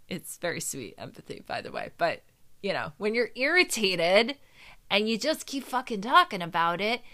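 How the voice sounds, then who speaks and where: Candid, swearing woman with a bright voice. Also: fairly low pitch. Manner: candid, swears freely, mocking imitations, laughs at herself. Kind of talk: casual advice monologue.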